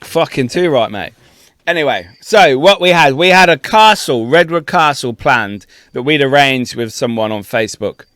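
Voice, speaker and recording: Sweary, animated podcast guy. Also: mid-range voice, normal speed, dry recording, clean studio sound. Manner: sweary, laughing, animated storyteller. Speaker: podcast co-host. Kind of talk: casual storytelling chat.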